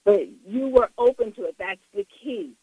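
A woman talking as a psychic medium guest in an interview, recalling stories with halting, repeated words. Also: on the high side, expressive, vocal fry, dark tone, breathy edge, no room sound, low-quality recording. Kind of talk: casual interview talk.

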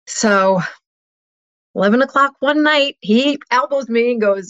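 Slow, earnest middle-aged woman, muffled sound. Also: a little high, a bit bright. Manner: earnest, heartfelt, slow storytelling. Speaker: guest. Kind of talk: personal storytelling interview.

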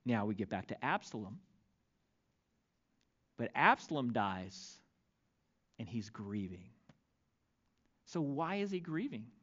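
Expressive man preaching, dull lo-fi sound. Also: mid-range voice, takes it slowly, pauses often. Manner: expressive preaching with dramatic scripture reading. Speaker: pastor. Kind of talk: sermon.

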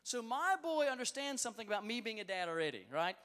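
A youth pastor in his thirties preaches with excitement, his pitch leaping high and low as he tells stories. His high, animated voice rings out in a large hall with long reverb. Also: fast talker, clear, resonant tone. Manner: lively, storytelling, excited. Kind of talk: sermon.

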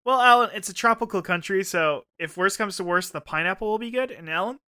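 Young man, podcast co-host, rambling, jokey, high clear bright voice. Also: quick pace. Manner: rambling, jokey, swears freely. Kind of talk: casual chat.

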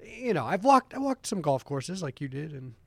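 A man's voice: fairly high pitch, very animated, moderate pace, a bit bright, slightly rough, no echo. A man hosting a podcast in a casual studio chat, rambling and self-deprecating with restarts. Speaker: podcast host.

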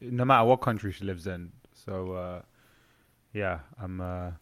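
A man hosting a casual podcast, asking questions in a halting way, often restarting and trailing off. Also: low voice. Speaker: podcast host.

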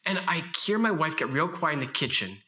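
A man in his thirties giving an impassioned, emphatic talk at a faith conference, telling stories with lively vocal shifts. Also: fairly high pitch, fairly quick. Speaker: conference speaker.

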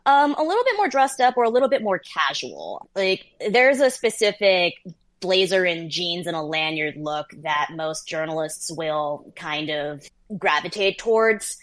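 A woman in her thirties, a journalist guest, telling stories in a lively, casual interview chat. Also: lowish voice, measured pace. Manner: lively storyteller, laughs between phrases.

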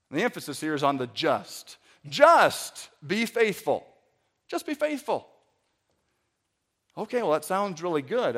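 High-voiced storytelling preacher. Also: male voice. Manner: storytelling, animated, stammers and repeats words. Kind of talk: sermon.

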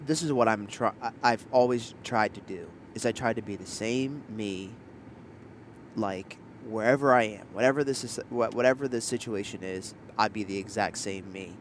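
A man's voice: on the low side, moderate pace. Young male podcast host, playful and slangy, recorded in a moving car with faint road noise. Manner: playful, joking, lots of laughter and slang. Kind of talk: casual chat.

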